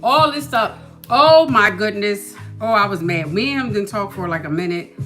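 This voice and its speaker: A woman hosting a podcast, telling a story in a casual, animated way and asking "you know what I mean" often. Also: medium pitch, normal speed, faint music behind. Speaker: podcast host.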